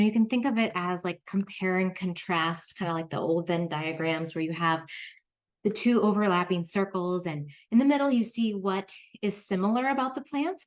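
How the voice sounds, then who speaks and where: A woman hosts her own herbal podcast and talks through plant knowledge in a loose, chatty way. Her voice sits at an ordinary middle pitch. She sounds friendly and explanatory, as if teaching a friend. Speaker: clinical herbalist and podcast host. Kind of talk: casual spoken herbal lesson.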